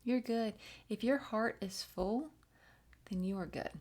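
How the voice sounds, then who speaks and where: A woman giving a channeled spiritual reading, gentle and encouraging, with many fillers and restarts and frequent drops into soft whispers. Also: medium pitch, unhurried. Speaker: channeled reader.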